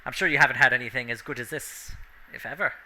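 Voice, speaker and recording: A man's voice: mid-range voice, quick pace, bright, forceful tone, a little hiss or hum, rough recording. A man voicing a haughty, condescending noble lord who is a necromancer, for a tabletop game. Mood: pompous. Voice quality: haughty, condescending, politely stiff. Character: pompous new male noble lord, a necromancer.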